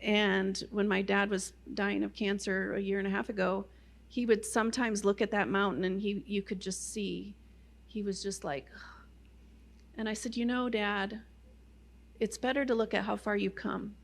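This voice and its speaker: A woman's voice: medium pitch, level tone, moderate pace, vocal fry. Middle-aged woman telling her testimony. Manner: conversational storyteller, many "you know" fillers. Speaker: guest speaker at a Christian ministry. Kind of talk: personal testimony talk.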